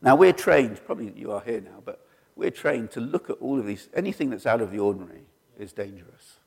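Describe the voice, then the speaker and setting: A middle-aged man preaching a sermon, telling stories and acting out the quoted voices with sudden leaps in pitch. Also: brisk, gravelly, slightly rough. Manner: animated, acts out quoted voices with jumps in pitch. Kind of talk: sermon storytelling. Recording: long hall reverb.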